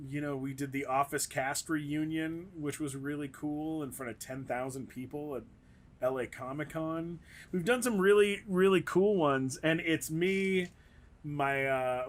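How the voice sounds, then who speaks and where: A man, a comedian, telling a rambling story in casual chat and acting out quotes in raised voices. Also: a little high. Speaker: guest comedian.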